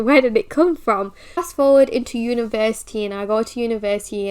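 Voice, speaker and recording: A woman's voice: fairly high pitch, smooth. A woman in her twenties, telling her own story in a candid, chatty way with some swearing. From Britain. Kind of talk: casual personal storytelling.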